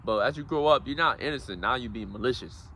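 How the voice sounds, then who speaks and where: A man's voice: mid-range voice, fast, bright, forceful tone, a little hiss or hum. A man giving a casual, preachy motivational talk, calling his listeners guys and bro. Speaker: self-help speaker.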